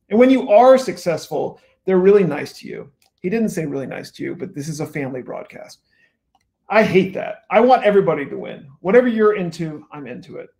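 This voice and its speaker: A man's voice: high voice, vocal fry, a little mellow. A male author reading from his own book at a bookstore event, adding wry asides. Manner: wry asides between read passages.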